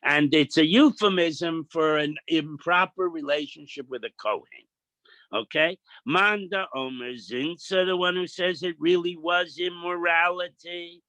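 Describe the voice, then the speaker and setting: A middle-aged man teaching a daily Talmud page, reading Aramaic slowly, then explaining it in casual with quips and asides. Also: on the high side, bright, forceful tone, no room sound. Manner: plain-spoken, quips and asides. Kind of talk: daf yomi Talmud lesson.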